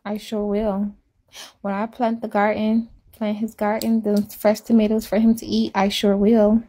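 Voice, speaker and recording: A woman's voice: medium pitch, monotone, measured pace, mellow. Woman rambling in casual livestream talk. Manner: rambling, self-deprecating, repetitive.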